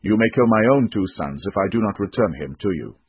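A man's voice: fairly low pitch, lively intonation, a little fast, breathy edge, dry recording. A man reading the lines of a grown eldest brother, in a reproachful, earnest manner over a tinny recording. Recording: tinny phone-like dry recording.

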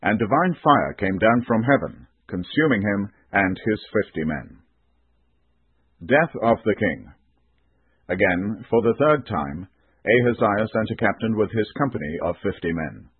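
Male scripture reader, low husky voice, solemn, dry tinny lo-fi sound. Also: lively intonation, a little slow, no echo. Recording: tinny band-limited recording.

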